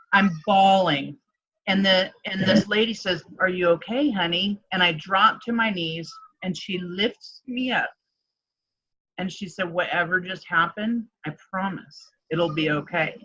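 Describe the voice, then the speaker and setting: Woman coach, low-pitched but bright and forceful, candid storyteller, dull lo-fi sound. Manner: emotional storytelling with many fillers, acts out quotes. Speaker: life coach. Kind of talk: candid personal story in an interview.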